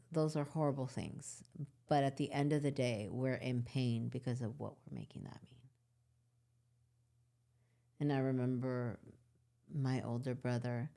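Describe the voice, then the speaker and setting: A woman's voice: rumbling low, vocal fry, mellow. A woman hosting a podcast, talking in a reflective, earnest way and speaking straight to her listeners. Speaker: podcast host and course creator. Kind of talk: casual podcast conversation.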